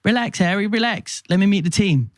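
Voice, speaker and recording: A man putting on a relaxed, friendly older churchman in a story, laid-back and chummy. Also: high voice, brisk, dry recording, voice pushed up, close to an everyday voice. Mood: easygoing.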